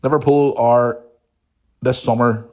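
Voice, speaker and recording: A young man hosting a casual podcast, reading listener emails and chatting in an animated, sweary way. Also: mid-range voice, slow pace. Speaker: podcast host.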